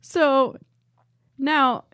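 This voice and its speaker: A woman's voice: high-pitched, steady tone, very slow, a bit bright, no room sound, clean studio sound. A young woman in casual chat, animatedly recapping a TV episode and acting out the characters' lines. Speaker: podcast co-host.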